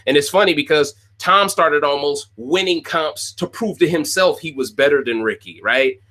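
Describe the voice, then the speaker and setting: With a slightly high, sharp voice at normal speed, this man hosts a rant-style reality-show recap podcast. He addresses viewers head-on, airs strong opinions, and keeps repeating himself.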